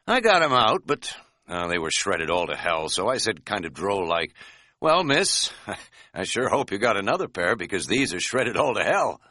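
A man's voice: sits low, sing-song, moderate pace, pushed and bright, no echo, studio quality, exaggerated voice. A man voicing a crude, joking middle-aged male hiker who is folksy and pleased with his own quips, in an audiobook. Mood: folksy storytelling.

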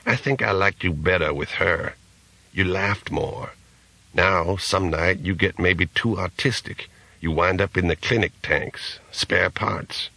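A man voicing an ugly, gruff older bartender who teases a regular in an audiobook. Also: sits low, unhurried, bright, forceful tone, no echo, heavily acted. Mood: needling. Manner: grunting, teasing.

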